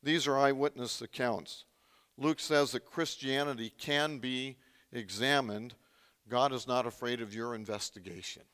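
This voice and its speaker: A man's voice: medium pitch, measured pace, a bit bright, clean tone, long reverb tail. A man preaching a sermon in a conversational way, often quizzing the congregation with questions. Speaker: pastor.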